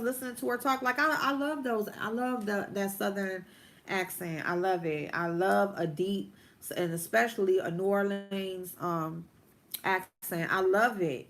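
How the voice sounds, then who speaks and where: A woman's voice: medium pitch, normal speed, a bit bright. A woman hosting a casual livestream, ranting bluntly and profanely, stretching out her emphatic lines while she does her makeup. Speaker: vlogger host.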